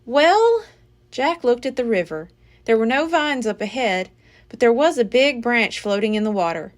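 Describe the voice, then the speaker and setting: A woman reading a children's book aloud as a library storyteller, with an expressive, dramatic delivery. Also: a little high, normal speed.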